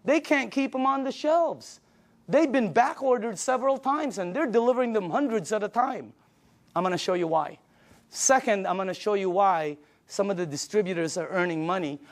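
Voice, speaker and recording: An older man with a high voice delivering an emphatic sales pitch. He presses each point and acts out conversations with friends as he goes. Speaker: business presenter. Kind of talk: sales presentation.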